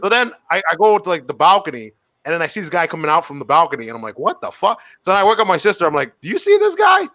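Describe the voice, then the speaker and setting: A young man co-hosts a casual comedy podcast and tells animated stories. His voice is bright and fairly high, and its pitch jumps around a lot. He laughs often and acts out his own lines in an even higher voice. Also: very fast, few pauses. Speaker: podcast co-host.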